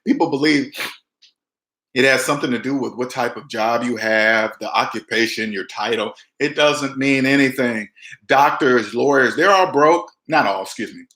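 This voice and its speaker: A man giving emphatic personal finance advice straight to camera, mimicking people with big jumps in pitch. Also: moderate pace, bright, forceful tone, reverberant. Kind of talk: direct-to-camera advice talk.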